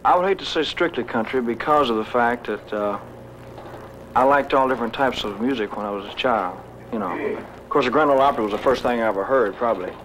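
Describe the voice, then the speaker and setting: A man, a singer, answering interview questions in a relaxed, folksy way. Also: medium pitch, fairly quick, a little hiss or hum, poor audio. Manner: relaxed, folksy, with fillers and laughs.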